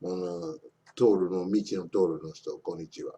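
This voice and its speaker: Teaching beginner Japanese online, a man keeps things casual and playful, saying words aloud repeatedly for his students. He speaks briskly in a deep, dark, steady voice, and the highs in the audio are cut off.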